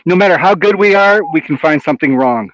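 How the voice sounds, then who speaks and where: A man's voice: a little high, lively intonation, fast talker, dry recording, dull audio. A man chatting casually on a football fan call, talking in a rambling, easygoing way.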